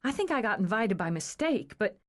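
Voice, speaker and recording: A woman reading an audiobook, voicing a nervous young woman with a breathy, hesitant, awed way of talking. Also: medium pitch, big pitch swings, fairly quick, pitched above the performer's own voice, close to an everyday voice.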